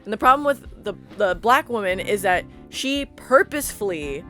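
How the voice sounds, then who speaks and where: A woman co-hosting a podcast in casual chat, blunt and quick to swear. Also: medium pitch, animated, pushed and bright, faint music behind. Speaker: podcast co-host.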